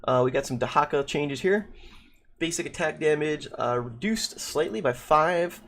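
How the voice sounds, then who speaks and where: A man's voice: a little high, lively intonation, normal speed, fairly bright tone, slight background noise. A man casually reading and reacting to game patch notes, thinking aloud with many restarts, saying he is losing his voice. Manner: thinking aloud with frequent restarts and repeated words. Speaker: gaming video creator.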